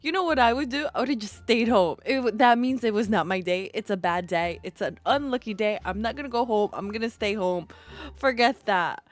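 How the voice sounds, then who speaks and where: A woman streaming, reacting to clips with expressive exclamations and laughter. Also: fairly high pitch, brisk. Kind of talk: casual reaction commentary.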